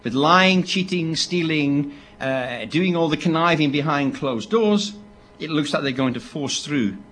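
A man, preaching a sermon in an animated storytelling way, with asides to the people listening. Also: on the high side, measured pace. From Britain. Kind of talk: sermon to a live audience.

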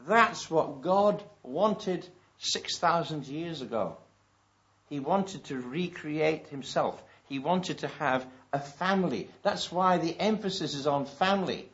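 A man preaching a sermon. He reads scripture slowly and with emphasis and asks the congregation rhetorical questions. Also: on the high side, expressive, a bit bright. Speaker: pastor. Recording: dull lo-fi recording.

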